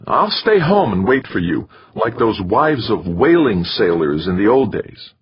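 A man voicing an upset, clingy wife in an audiobook, pushing his voice high and strained. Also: sing-song, unhurried, slightly rough, full character voice. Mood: upset, pleading. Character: upset young wife, clingy and sharp-tongued. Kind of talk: audiobook character reading. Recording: dull lo-fi recording.

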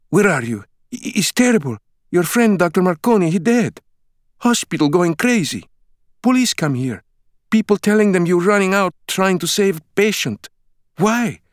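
A woman's voice: no room sound, clean studio sound. A man doing a frantic Eastern European woman. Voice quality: broken English, frantic, high-pitched. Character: panicked middle-aged hospital coworker woman. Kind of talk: audiobook character voice.

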